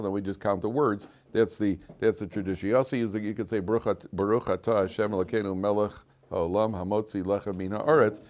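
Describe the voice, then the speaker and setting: A middle-aged rabbi with a lowish, slightly mellow voice teaches an informal Torah class in a classroom. He jokes and rambles, restarting often and using plenty of fillers.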